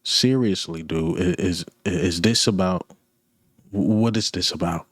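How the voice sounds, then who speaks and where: Fan commentator, male, low and dry, blunt and repetitive ranting. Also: unhurried, a bit bright, slightly rough, no echo. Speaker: sports commentator. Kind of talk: ranting sports talk.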